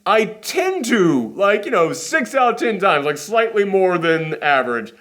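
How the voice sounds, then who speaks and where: A man's voice: high-pitched, sing-song, unhurried, fairly bright tone. A man hosting a casual movie reaction chat, rambling and self-deprecating, with a runny nose. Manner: rambling, self-deprecating, acts out quotes in silly voices.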